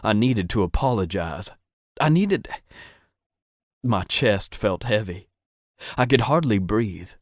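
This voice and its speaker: A man narrating a first-person romance audiobook in an intimate, steady manner. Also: on the low side, slow, pauses often, dry recording, clean studio sound.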